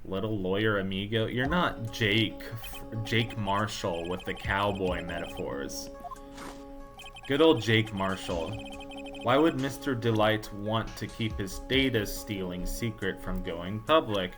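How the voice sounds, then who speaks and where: With music playing behind him, a man with a lowish, expressive voice reads a courtroom game's dialogue aloud in a playful let's play. He voices the characters and slips in jokes, puns and quick asides between lines.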